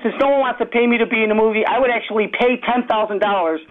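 A man from Chicago with a Chicago accent, calling in to a sports radio show and rattling through topics at speed. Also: high voice. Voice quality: fast, scattered, jumping topics. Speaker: caller. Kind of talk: rapid-fire call-in rant. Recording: tinny phone line.

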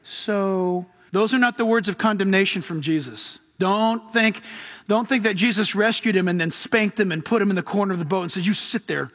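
A man preaching a sermon as pastor, animated and conversational, laughing often. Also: sits high, moderate pace. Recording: long hall reverb.

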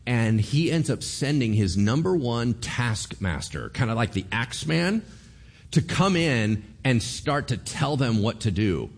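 Male pastor, lowish voice, very animated delivery, storytelling sermon. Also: unhurried. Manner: lively storytelling, acts out voices, rhetorical questions.

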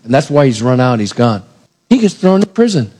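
A man preaching a sermon, retelling a scripture story in a lively way and acting out the characters' lines. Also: medium pitch, brisk. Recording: long reverb of a large hall.

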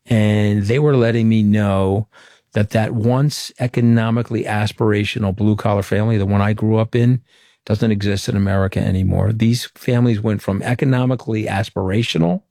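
A man's voice: fairly low pitch, fairly even intonation, fairly quick, creaky, mellow, no echo, clean studio sound. A middle-aged man from Long Island, New York, speaking as an interview guest and telling candid, anecdotal stories in a frank, emphatic way. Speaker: interview guest, former political communications director.

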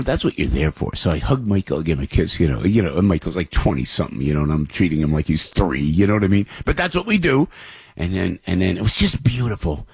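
A man's voice: deep voice, darkish tone, breathy edge, dry recording. A middle-aged man, hosting and telling a rambling, emotional personal story with frequent repeats and chuckles. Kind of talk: casual storytelling monologue.

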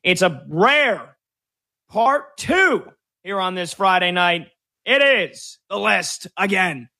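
A man hosting sports talk radio, chatty and joking, quick to slip into impressions. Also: sits high, animated, sharp tone.

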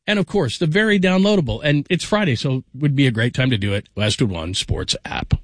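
A man's voice: medium pitch, expressive, brisk, no room sound, studio quality. A man filling in as a sports radio host, telling stories in a joking, rambling way with lots of restarts. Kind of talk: casual sports radio chat.

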